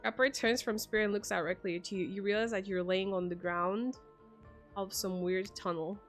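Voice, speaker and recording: A woman streamer reading the narration of a story game aloud in a measured voice during a live stream. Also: mid-range voice, steady tone, faint music behind.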